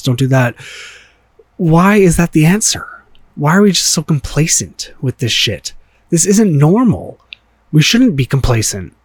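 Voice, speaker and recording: A man's voice: fairly high pitch, no echo. A man hosting his own show, ranting in a frustrated, profane way and firing off repeated rhetorical questions. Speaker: podcast host. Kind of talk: solo opinion rant.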